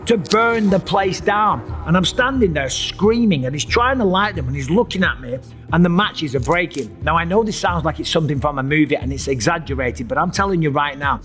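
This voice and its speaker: Middle-aged host, vivid storyteller, slightly high voice, acts out the scary parts. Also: male voice, a little fast, soft background music. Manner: animated, acts out his own screams and voices. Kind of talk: dramatic personal storytelling.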